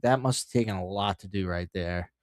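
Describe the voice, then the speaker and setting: A man's voice: sits low, a little fast, smooth, dry recording. Profane rambling man, dry sound. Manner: reads headlines aloud then riffs. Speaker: streamer host. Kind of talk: casual livestream commentary.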